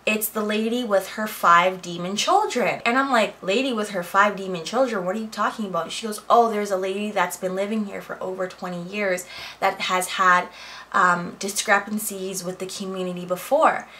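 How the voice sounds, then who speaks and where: A woman's voice: mid-range voice, normal speed, slight background noise, low-quality recording. Chatty woman telling a home story. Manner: animated, chatty retelling with quoted dialogue. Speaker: vlogger. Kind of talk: casual storytime vlog. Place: home office.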